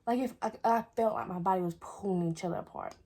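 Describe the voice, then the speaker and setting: A woman's voice: mid-range voice, quick pace, warm tone, slightly rough. A young woman, chattily telling a personal story on her vlog. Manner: chatty, repeats "I was like". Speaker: vlogger. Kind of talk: casual storytelling.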